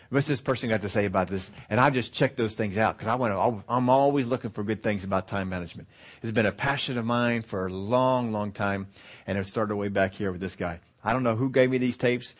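A middle-aged man teaching a Bible study, telling a long story in a folksy, rambling way with restarts and small chuckles. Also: medium pitch. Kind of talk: conversational sermon storytelling.

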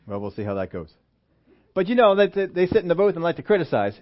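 A man preaching a sermon in a church, animated, acting out quotes and asking the congregation questions. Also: high voice, quick pace. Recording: dull lo-fi sermon recording.

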